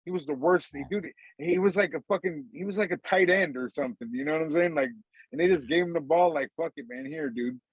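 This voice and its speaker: A man's voice: fairly high pitch, quick pace, husky, dry recording, highs cut off. A man co-hosting a podcast in casual, profane chat, rambling and saying "dude" all the time. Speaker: podcast co-host.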